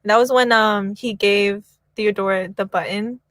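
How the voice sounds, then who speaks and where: A woman's voice: medium pitch, steady tone, moderate pace, fairly bright tone, no echo. A woman co-hosting a casual book club livestream, chatty and full of filler words, on a home computer mic over a call.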